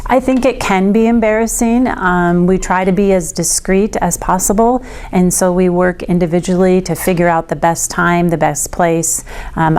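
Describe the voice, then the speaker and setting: A woman's voice: lowish voice, darkish tone, clear, resonant tone. A middle-aged woman who coordinates a school food pantry, speaking earnestly in an interview with frequent ums. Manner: earnest, thoughtful, many ums.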